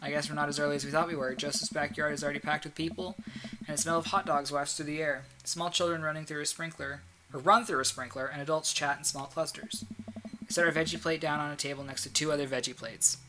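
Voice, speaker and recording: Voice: medium pitch, fairly even intonation, fast talker, background noise. A game streamer reading a visual novel aloud with chatty asides.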